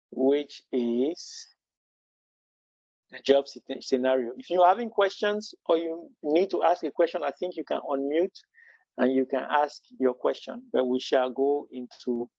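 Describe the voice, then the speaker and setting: A man's voice: on the high side, dark tone, no room sound. Earnest man teaching by questions, dull audio. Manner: earnest, asks rhetorical questions, many restarts. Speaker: Scrum trainer. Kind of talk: live webinar teaching.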